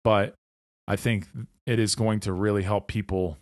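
A man's voice: fairly low pitch, steady tone, normal speed, darkish tone, no echo, clean studio sound. A man hosting a spoken presentation, explaining ideas earnestly and often checking in with listeners by asking "okay?". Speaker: host of an esoteric presentation series. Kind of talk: explanatory monologue lecture.

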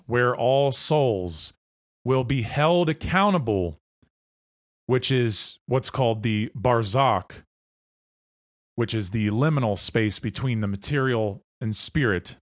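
A man giving a slow lecture over slides, often checking in with "okay?". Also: medium pitch, dry recording, clean studio sound. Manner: slow, deliberate, with frequent "okay?" check-ins. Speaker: teacher.

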